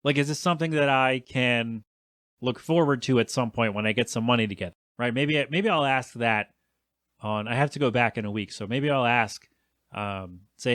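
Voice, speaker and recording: A man's voice: medium pitch, normal speed, a bit bright, no room sound. Chatty man in his thirties, dry close sound. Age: 30s. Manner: chatty, self-deprecating, talks to himself. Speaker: podcast host. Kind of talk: solo rambling podcast chat.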